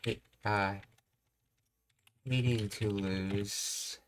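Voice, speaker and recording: A man teaching a live-streamed Japanese lesson, reading explanations aloud haltingly and restarting often. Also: on the low side, fairly even intonation, a little hiss or hum.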